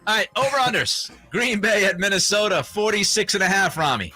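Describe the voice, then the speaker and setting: A man's voice: high voice, lively intonation, a little fast, pushed and bright, faint music behind. A man hosting a sports radio show, running through picks with casual chat and easy laughs. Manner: laughs often, runs the segment.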